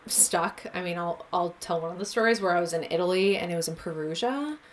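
A woman's voice: on the low side, a little fast. A woman guest telling a travel story in a casual interview, rambling and filling her speech with "like" and "um". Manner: rambling, heavy with "like" and "um".

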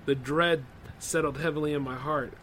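Male podcast host, a bit high-pitched, reads horror tales and riffs between them in a loose, laid-back way. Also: fairly even intonation, normal speed, a bit bright, a little hiss or hum, rough recording. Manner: loose, conversational asides full of 'like' and 'man'. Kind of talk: reading horror stories aloud with casual commentary.

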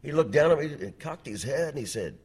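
A man's voice: on the high side, lively intonation, brisk, a little mellow, husky. A middle-aged man from the United States, a radio host telling stories in a rich radio voice as a guest. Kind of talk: casual chat.

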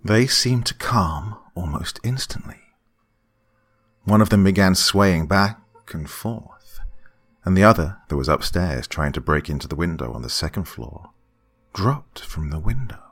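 Deep, husky male horror narrator. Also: expressive, a little slow, fairly bright tone. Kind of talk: first-person horror story narration.

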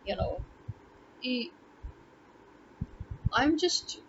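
A woman's voice: fairly high pitch, sing-song, measured pace, long pauses, fairly bright tone, dull audio, a little hiss or hum. A woman language tutor talking casually to camera in an emphatic way, repeating words to drive her points home.

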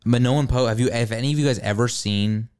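Podcast host, young man, casual jokey delivery, mid-pitched voice. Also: quick pace, darkish tone, smooth. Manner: joking, teasing, loose. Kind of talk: casual chat.

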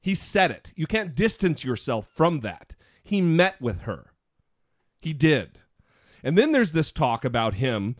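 A man co-hosting a casual podcast, talking in quick asides and poking fun at himself. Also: fairly high pitch, no room sound, clean studio sound. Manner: animated, self-mocking, quick asides. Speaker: podcast co-host.

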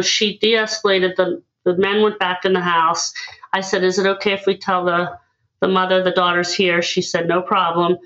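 A woman tells stories in an animated, conversational way and voices the people in them. The recording sounds slightly dull and lo-fi. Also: on the low side, normal speed. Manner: animated, acts out dialogue in her stories. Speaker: guest, listening expert. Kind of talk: conversational storytelling.

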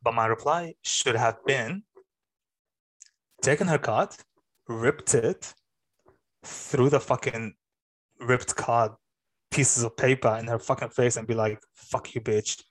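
A man's voice: mid-range voice, takes it slowly, pauses often, a bit bright. A young man co-hosting a podcast, telling a story in casual chat, swearing freely and mimicking other people's voices. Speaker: podcast co-host.

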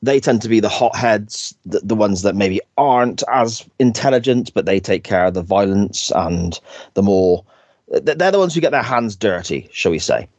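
A man's voice: lowish voice, expressive, normal speed, a little mellow, no room sound. A man, co-hosting a podcast and recapping an episode in a chatty, storytelling way. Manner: chatty storyteller, laughs often. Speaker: podcast co-host. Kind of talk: casual episode recap chat.

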